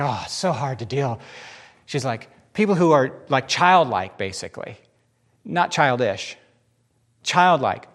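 A man in a pastor's role preaches with a mid-range voice, weaving in offhand asides. His stories are vivid, and he acts out each person he quotes.

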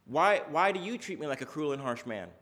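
A man voicing a patient, loving older father in a retold parable, gentle and reassuring. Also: a little high, expressive, brisk, pitched below the performer's own voice.

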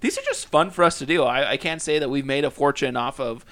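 A man's voice: mid-range voice, fast, a bit bright. A young man hosting a casual podcast chat, rambling with lots of fillers and restarts. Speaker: podcast host.

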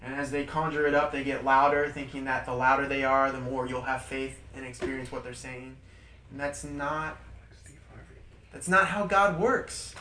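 A man leading a small group Bible study in an informal, animated way, repeating points for emphasis and laughing through his stories. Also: mid-range voice, normal speed. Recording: roomy, distant mic with faint background noise.

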